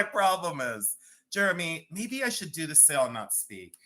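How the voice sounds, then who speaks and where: A man hosting a live jewelry sale, chatty, theatrical and quick to mock himself. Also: a little high, very animated, bright, forceful tone. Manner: chatty, self-mocking, theatrical. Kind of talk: live-stream jewelry auction.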